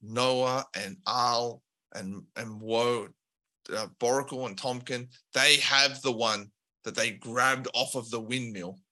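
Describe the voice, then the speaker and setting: A man narrating a tabletop game as game master, describing scenes in a relaxed way with filler words. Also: medium pitch, slow pace.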